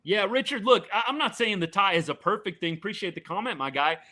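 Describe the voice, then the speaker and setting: Guy ranting about baseball live, bright punchy voice, kinda high. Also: fast. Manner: opinionated, animated, answers live chat comments. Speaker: sports podcast host. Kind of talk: live game reaction chat.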